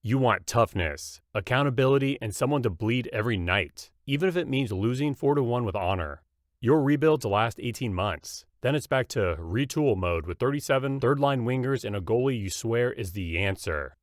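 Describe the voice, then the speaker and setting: A man narrating a scripted comedy roast in a mocking, punchy deadpan. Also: mid-range voice, moderate pace, no echo, studio quality.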